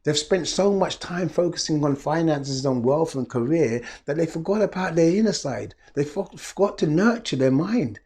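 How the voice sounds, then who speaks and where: A man's voice: fairly high pitch, animated, normal speed, hardly any pauses, a little mellow. Earnest man asking rhetorical questions. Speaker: wellness coach. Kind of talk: reflective motivational talk.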